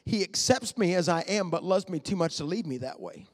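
A man, repeating phrases and building to shouts. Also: high voice, animated, a little fast. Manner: impassioned, repetitive, rising to shouts. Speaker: preacher. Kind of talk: sermon.

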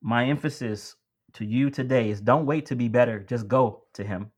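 A man's voice: mid-range voice, moderate pace, a little mellow. A man preaching a sermon, talking to the congregation like friends, building to emphatic lines and easing back down. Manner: addresses listeners as beloved and friends.

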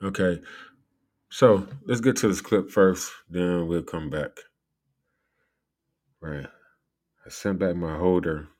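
A man with a lowish voice talks through a casual commentary vlog. He rambles loosely, laughs often and swears freely as he goes. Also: steady tone, slow, long pauses, a little mellow. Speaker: commentary vlogger.

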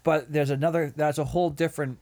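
This is a man talking as a podcast co-host in easy casual chat. He sounds measured and plain. He keeps things moving by asking questions as he goes. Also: a little high, steady tone, darkish tone.

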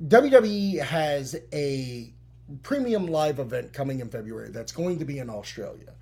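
A man's voice: medium pitch, animated, normal speed, creaky, darkish tone. A man co-hosting a podcast, talking casually and rambling with lots of fillers. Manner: rambling, heavy use of "like". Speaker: podcast co-host. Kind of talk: casual chat.

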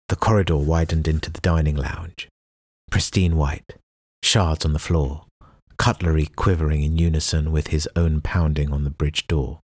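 A man reading a novel aloud as an audiobook narrator, in a measured, even storytelling delivery. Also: a bass voice, slightly rough, dry recording, clean studio sound. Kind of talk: scripted narration.

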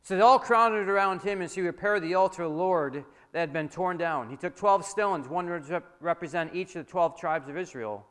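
A man's voice: high-pitched, moderate pace, hardly any pauses. Man, pastor, sermon, dramatic scripture reading, church hall, long reverb. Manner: dramatic reading, dropping soft for prayer.

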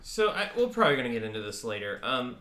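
Male podcast co-host, rambling and quick to laugh, bright tone, echoey room. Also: medium pitch, sing-song. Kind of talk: casual chat.

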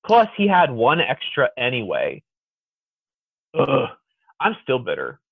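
A man as a podcast guest in casual chat, an animated, exuberant storyteller. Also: mid-range voice, slow pace, gravelly, breathy edge, no echo. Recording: tinny phone-like dry sound.

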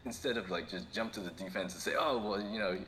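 A man's voice: sits low, fast talker, fairly bright tone, a little hiss or hum. A man co-hosting a podcast in casual chat, rambling and laughing often as he tells stories. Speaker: podcast co-host.

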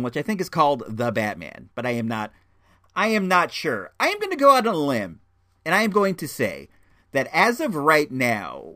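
Chatty man with lively pitch, reviewing movies. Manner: rambling, many restarts and fillers; enthusiastic, chatty.

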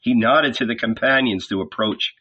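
A man narrating an audiobook in a measured, expressive reading. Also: medium pitch, breathy edge. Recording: lo-fi dull audio.

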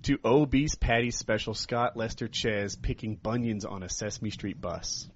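A man chatting casually with friends and telling a long, rambling joke, laughing loudly. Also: fairly low pitch, normal speed. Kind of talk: casual chat among friends. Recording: dull lo-fi recording with faint noise.

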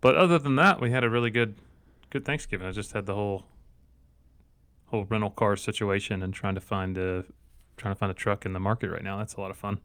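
A man's voice: fairly low pitch, quick pace, dry recording. Podcast co-host: middle-aged man, chatty storyteller with dry close sound. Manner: joking, animated storyteller. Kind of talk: casual chat.

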